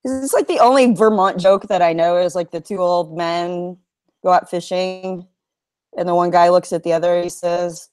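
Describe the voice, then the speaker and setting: Woman co-host, teasing and quick to laugh, dry recording. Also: lowish voice, steady tone, a little mellow, clear, resonant tone, dry recording. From Houston, Texas. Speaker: podcast co-host. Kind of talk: casual chat.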